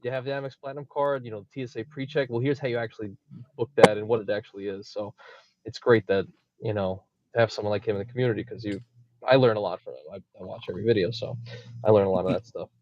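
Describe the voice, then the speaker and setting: A man hosting a casual interview over a video call, encouraging and quick to react with short exclamations. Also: lowish voice, fairly even intonation, no room sound. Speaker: podcast host. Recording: dull lo-fi video call audio.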